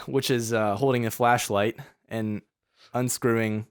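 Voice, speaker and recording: A man's voice: mid-range voice, steady tone, slow, smooth, no room sound, clean studio sound. A young man co-hosting a casual podcast, teasing his friend and laughing as he talks. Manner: jokey, teasing, laughs while talking. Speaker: podcast co-host. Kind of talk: casual chat.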